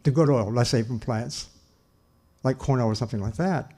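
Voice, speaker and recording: A man's voice: mid-range voice, dark tone. Older man lecturing earnestly. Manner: earnest, emphatic, repeats phrases with pauses and restarts. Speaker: lecturer, nutrition scientist. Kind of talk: public lecture.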